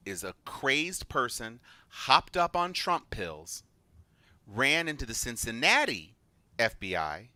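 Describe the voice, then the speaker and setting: A man's voice: mid-range voice, no room sound. A man co-hosting a political chat show, telling stories and acting out the people he quotes. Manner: animated storyteller, acts out quotes. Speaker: podcast co-host.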